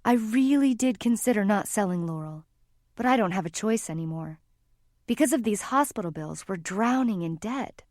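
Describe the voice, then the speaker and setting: A woman's voice: mid-range voice, lively intonation, moderate pace, a little mellow, no room sound, studio quality, lightly acted. A woman narrator voicing a worried, tired middle-aged mother who talks in a strained, pleading way near tears.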